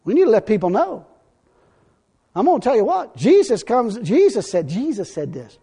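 A man preaching a fiery sermon, folksy and blunt, now and then breaking into shouts. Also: high-pitched, wildly swooping pitch, moderate pace, husky.

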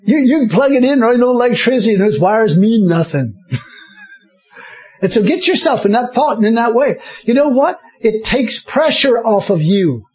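A man's voice: sits high, darkish tone, breathy edge. A man preaching a sermon, often chuckling and breaking in with hallelujahs. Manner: chuckling often, interjecting hallelujahs, repeating himself.

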